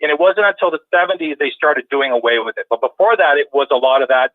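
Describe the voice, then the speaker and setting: Calling a talk show, this man talks fast and expressively with few pauses, his pitch medium. His casual chat rambles and restarts a lot. The phone line sounds tinny, without echo.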